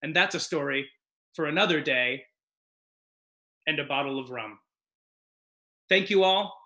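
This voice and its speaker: A man's voice: a little high, unhurried, long pauses, pushed and bright. Theatrical man reciting with mock solemnity. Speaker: guest performer. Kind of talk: deadpan comedic poetry reading.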